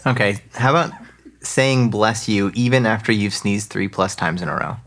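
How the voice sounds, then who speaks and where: A laid-back man with a fairly low voice, putting questions to the others in a casual chat. He chuckles easily as he talks. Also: normal speed, fairly bright tone.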